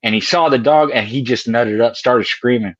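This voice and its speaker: A man's voice: medium pitch, moderate pace, no echo. An older man, a podcast co-host, telling folksy stories in casual chat with easy laughs. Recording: dry, dull lo-fi sound.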